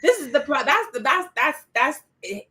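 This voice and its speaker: A woman hosting a casual discussion show, animated and opinionated, who reads out stats and tells stories about herself. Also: high voice, moderate pace. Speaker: podcast host.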